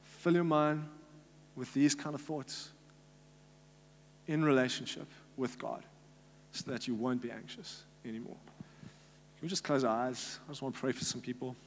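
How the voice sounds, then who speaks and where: A man's voice: mid-range voice, normal speed, pauses often. A South African man preaching a sermon in an earnest, conversational way, with many fillers, recorded live in a church. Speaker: pastor. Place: church hall. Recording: live church hall with long reverb and faint hum.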